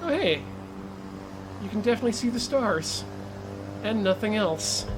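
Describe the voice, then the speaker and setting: A man's voice: sits high, animated, moderate pace. Chatty male streamer over engine noise. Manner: chatty, self-coaching, joking asides. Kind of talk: casual live-stream commentary while sim racing. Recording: game car engine noise underneath. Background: racing game engine and track sounds.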